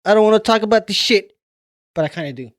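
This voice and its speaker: A man's voice: sits high, expressive, quick pace, no room sound, studio quality. A man co-hosting a podcast in laid-back, slangy and profane casual chat. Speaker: podcast co-host.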